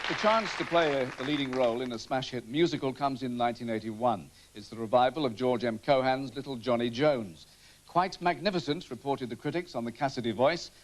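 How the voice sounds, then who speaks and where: A man's voice: medium pitch, fairly quick. A man hosting a television tribute show, introducing guests in a polished, scripted way. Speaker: TV host.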